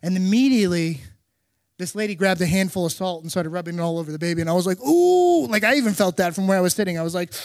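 A man's voice: sits high, rapid-fire, dry recording. Emphatic middle-aged male preacher, dry sound. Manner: animated storytelling with emphatic repetition. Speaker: pastor. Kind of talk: sermon.

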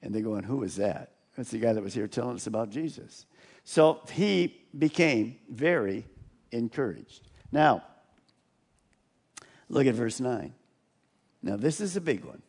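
A man preaching a sermon in an animated way, chuckling often and acting out the quotes he reads. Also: medium pitch, a little slow, pauses often, slightly rough. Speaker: pastor.

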